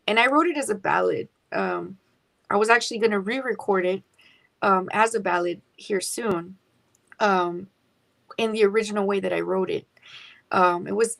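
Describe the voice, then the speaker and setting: Gravelly-voiced chatty woman. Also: mid-range voice. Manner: chatty, warm laughter, mixes in Spanish words. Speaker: singer-songwriter guest. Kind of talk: casual radio interview.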